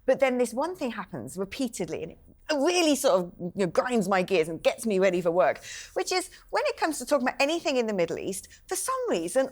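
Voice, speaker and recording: A woman on a chat panel, telling stories in an animated, exasperated way. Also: a little high. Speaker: panel guest.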